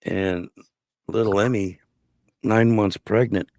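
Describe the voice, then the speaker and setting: A man's voice: on the low side, fairly even intonation, slow pace, a little mellow, no room sound, studio quality. A man telling a personal family story in casual conversation, blunt and profane. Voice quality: gravelly. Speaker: guest telling his life story.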